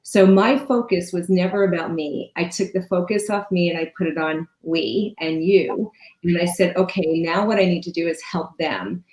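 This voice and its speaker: A woman in her fifties, a business strategist giving emphatic coaching advice and listing ideas in quick runs. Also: on the low side, a little mellow. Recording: echoey room.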